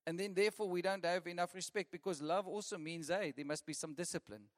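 A man preaching a lively sermon, often laughing and repeating lists for emphasis. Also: sits high, fast talker. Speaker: pastor. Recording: long reverb of a church hall.

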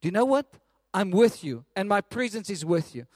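A man voicing God in a sermon retelling, speaking slowly and firmly with emphasis. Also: high voice, very animated, darkish tone, no room sound, clean studio sound. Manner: slow, emphatic, firm.

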